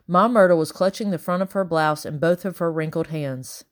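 A woman reading a children's novel aloud in a measured, expressive way. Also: deep voice, clean tone. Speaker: audiobook reader.

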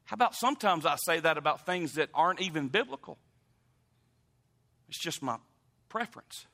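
High, bright-voiced preacher man. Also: normal speed. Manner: animated, emphatic, talks directly to the congregation. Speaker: pastor. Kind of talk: sermon.

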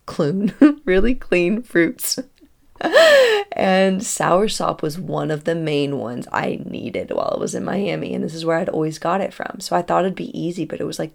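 Woman in her 30s telling a story, low gravelly voice, lots of laughing and acted-out voices. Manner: animated, acts out dialogue, laughs often. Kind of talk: casual storytelling vlog.

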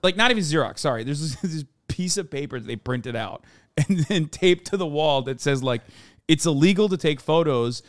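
Young male podcast host, slightly high voice, dry close sound, animated storyteller who acts out quotes. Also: normal speed, no echo. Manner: animated storytelling, acting out quotes, frequent swearing. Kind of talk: casual storytelling chat.

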